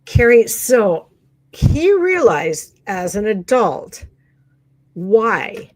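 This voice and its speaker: A woman's voice: mid-range voice, very animated, extremely slow, darkish tone. A woman hosting a talk show, reacting with short interjections and asking questions. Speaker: podcast host. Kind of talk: casual interview.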